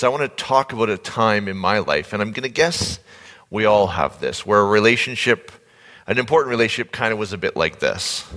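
A man giving a conversational sermon as a pastor, telling a playful story with sudden loud bursts on a stage mic. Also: on the low side. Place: large church hall. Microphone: handheld stage mic. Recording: long hall reverb.

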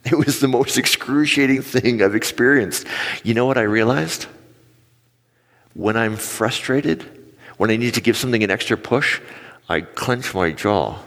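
This is a pastor in his forties giving a sermon on stage at a measured pace and medium pitch. He animates his storytelling by acting out quotes, with a long hall reverb on the recording.

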